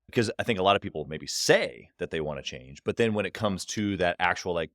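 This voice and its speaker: A man in his thirties hosting a podcast interview, reflective and affirming, sometimes growing animated. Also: deep voice, normal speed, hardly any pauses, no room sound, clean studio sound. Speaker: podcast host.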